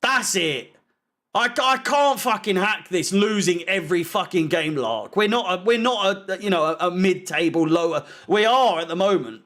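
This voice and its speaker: A man's voice: high-pitched, animated, moderate pace, fairly bright tone. A young man doing live football watch-along commentary, ranting in frustration, swearing and sarcastic. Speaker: fan channel co-host.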